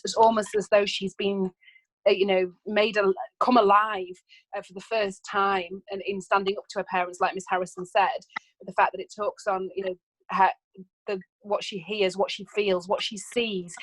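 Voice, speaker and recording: A woman's voice: mid-range voice, flat delivery, normal speed, a bit bright. A woman talks eagerly about a play with a colleague in a revision chat. She rambles and corrects herself as her ideas come, and her voice sounds dry and close, with no room echo. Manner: enthusiastic, rambling, laughs at her own slips. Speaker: English teacher. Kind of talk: informal revision discussion.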